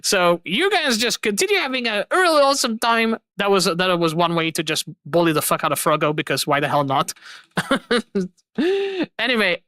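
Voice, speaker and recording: A woman's voice: medium pitch, lively intonation, moderate pace, pushed and bright, no echo. A young adult woman streamer signing off in casual chat, effusive and rambling, repeating her thanks over and over. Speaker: streamer host.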